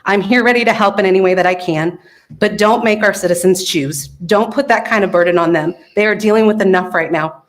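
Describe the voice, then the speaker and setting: A woman's voice: mid-range voice, brisk. A woman from the local chamber of commerce giving an earnest, emotional public comment to a city council.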